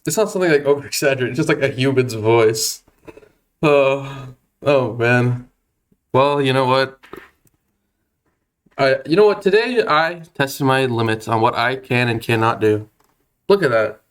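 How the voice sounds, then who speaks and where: On his game stream, a young man in his twenties chats at a pitch typical for a man, keeping a measured pace with long pauses. He's nervous and self-deprecating, often stammering through restarts and laughing.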